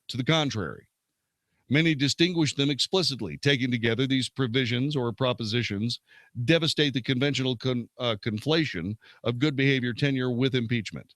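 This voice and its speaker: A man's voice: medium pitch, dry recording. Man reading legal text, dry sound. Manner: reads steadily, stumbling and correcting himself at times. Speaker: host. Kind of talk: reading legal texts aloud with commentary.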